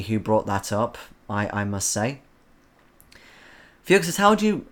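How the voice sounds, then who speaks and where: A man's voice: medium pitch, fairly bright tone. Man, live-stream host, from the Isle of Man, casual chat, rambling, lots of ums, reads out chat comments. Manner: rambling and chatty, with frequent ums. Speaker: livestream host reading chat.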